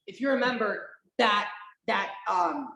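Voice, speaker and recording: A woman hosting a casual podcast, talking at a middle pitch and rambling through fillers, restarts and the odd swear word. Her voice rings in a roomy, echoey space. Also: animated, measured pace, bright, forceful tone. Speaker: podcast host. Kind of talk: casual chat, watch-along podcast. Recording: roomy echo.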